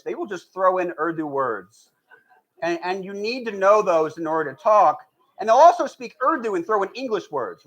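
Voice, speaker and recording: A man doing a stand-up comedy set, telling stories in a deadpan way and slipping into mock voices. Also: fairly high pitch, poor audio. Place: live event hall with audience.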